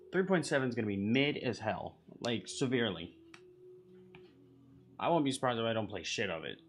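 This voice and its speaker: An exasperated streamer swears freely as they react to a game broadcast, in a mid-pitched voice. The delivery is loose, unscripted live-stream talk. Faint hiss sits under the voice. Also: fairly bright tone. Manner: profane, exasperated ranting. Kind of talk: casual live-stream commentary.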